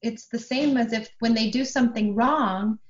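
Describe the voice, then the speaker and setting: Calm, steady woman explaining parenting. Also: fairly high pitch, normal speed. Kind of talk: casual podcast conversation. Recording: slightly dull, lo-fi sound.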